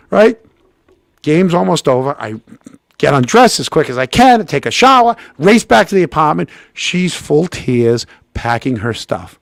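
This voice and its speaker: A middle-aged man with a gravelly, creaky voice spins a casual story. He acts out every quote with sudden leaps in pitch and restarts his sentences often. The sound is close and dry. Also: moderate pace, dry recording. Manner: animated, acts out quotes with big pitch jumps, frequent restarts. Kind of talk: casual anecdote telling.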